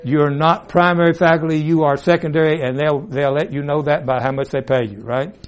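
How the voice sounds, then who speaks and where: A man's voice: on the high side, steady tone, a little fast, muffled recording. Rambling folksy man teaching a class. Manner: rambling, folksy, asides and self-interruptions. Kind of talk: informal classroom lecture. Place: classroom with a board. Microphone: room mic, at times turned away.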